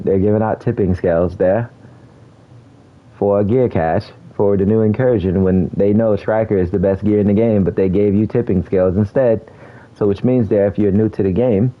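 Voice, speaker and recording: In narrow, tinny audio, a lowish-voiced man streams a video game, keeping his commentary relaxed and talkative. He laughs a lot and leans on slang.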